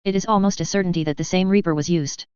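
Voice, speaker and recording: A woman voicing a calm, formal male military captain, low and smooth in a slightly dull recording. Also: fast, no echo, natural voice. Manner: formal, matter-of-fact.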